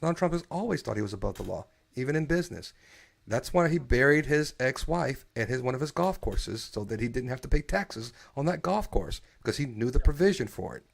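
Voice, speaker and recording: A man hosting a casual live-streamed podcast chat, opinionated and animated, often restarting his sentences. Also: medium pitch, fairly quick, gravelly. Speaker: podcast host.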